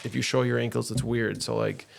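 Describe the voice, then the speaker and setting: A man police officer with a Wisconsin accent, chatting in an easygoing, halting way on a podcast. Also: mid-range voice, little pitch movement, vocal fry, a little hiss or hum. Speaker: school resource officer. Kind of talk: casual podcast chat.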